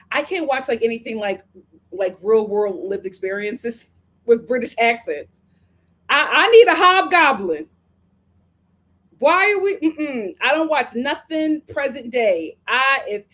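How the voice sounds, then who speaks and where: Chatty high-voiced woman streamer. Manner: animated and chatty, with playful exaggeration. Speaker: live-stream host reading viewer comments. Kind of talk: casual live-stream chat.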